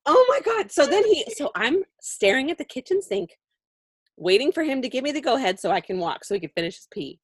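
A woman co-hosting a podcast, telling a story in a casual chat with lots of laughter and lively voice-acted quotes. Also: high voice, brisk, husky, dry recording, clean studio sound. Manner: animated storytelling with frequent laughter. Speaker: podcast co-host.

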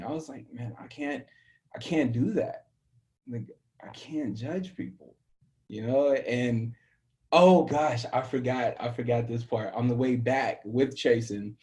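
A young man from the American South, a musician, telling his story in an interview with lively acted-out dialogue and frequent laughs. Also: medium pitch. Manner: animated storyteller, acts out quoted dialogue, laughs often. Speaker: musician guest.

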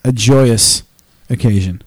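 A man's voice: mid-range voice, slow, slightly rough. A man in a casual argument with friends over a spilled beer, defensive and repeating his point. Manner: animated, defensive, repeats himself. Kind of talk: casual bar banter.

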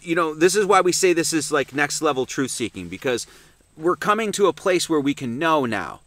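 A man preaching at a Sunday service, emphatic and swinging between loud emphasis and hushed asides, with many restarts. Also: fairly high pitch, sing-song, normal speed.

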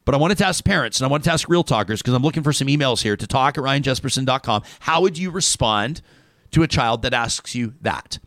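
A man's voice: medium pitch, fairly quick, dry recording, studio quality. A man, hosting a casual talk show and joking his way through a list of names and stories. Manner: animated, joking, reading lists aloud.

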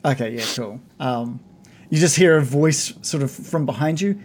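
A man narrating as game master of a tabletop game, halting with frequent ums and restarts. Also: on the high side, a little mellow. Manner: hesitant, many ums and restarts.

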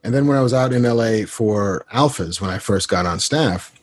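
A man guest on a podcast, telling casual anecdotes in a laid-back, self-deprecating way and acting out a friend's lines in a higher voice. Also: moderate pace. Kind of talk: casual interview storytelling.

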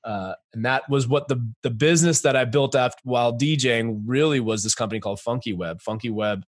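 In a relaxed interview, a guest entrepreneur in his forties tells his story with animation, laughing often and using many fillers. His voice sits in the mid range and moves at a brisk pace. The recording is clean studio sound with no echo.

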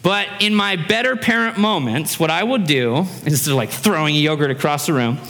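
Male pastor, 30s, bright and fairly high voice, animated conversational sermon in a reverberant hall. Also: moderate pace, vocal fry.

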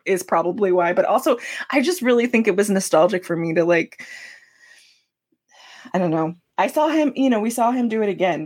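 Husky, animated woman comedian. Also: fairly low pitch. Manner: playful, teasing, laughs a lot. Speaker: comedian, guest host. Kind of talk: casual comedic chat.

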